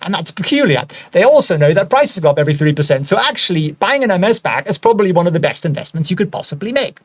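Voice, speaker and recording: A man's voice: sits high, sing-song, fast talker. A man in his forties hosting a casual stock commentary, full of sardonic, joking asides. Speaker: host.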